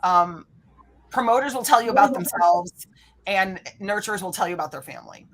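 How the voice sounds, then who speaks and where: Energetic woman guest coach, animated interview delivery. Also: medium pitch, fairly quick. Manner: energetic, lively, acts out quoted people. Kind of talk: animated podcast interview talk.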